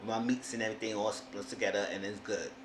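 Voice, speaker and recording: A man's voice: fairly low pitch, fairly even intonation, fast. Sassy man ranting in an echoey room. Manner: sassy, exasperated, mimics people in quotes. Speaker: TV show reviewer. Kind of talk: casual recap commentary. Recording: echoey room with faint noise.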